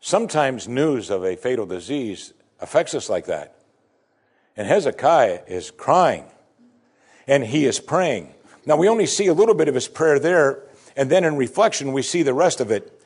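A man preaching a sermon, reading scripture with rising emphasis and dropping low and soft to reflect on it. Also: sing-song, normal speed, slightly rough. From United States. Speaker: pastor.

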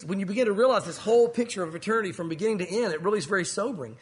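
A man's voice: sits high, racing. A man preaching a sermon in an earnest, storytelling way, acting out the people in the story. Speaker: pastor.

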